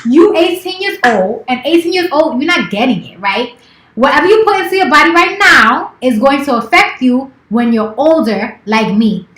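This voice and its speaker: A woman's voice: high-pitched, animated, moderate pace, fairly bright tone, echoey room. A woman in her thirties chatting casually on a live stream, playful and teasing, swearing freely. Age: 30s. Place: office.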